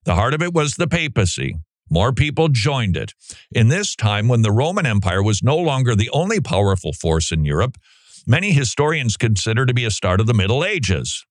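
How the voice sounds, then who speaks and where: A man reads passages aloud in a lively, swooping voice and cuts in with sarcastic, disbelieving remarks. The sound is dry and close, with little room around it. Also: mid-range voice, moderate pace, dry recording. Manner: incredulous, sarcastic asides between read passages. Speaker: commentator. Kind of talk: reading aloud and commenting.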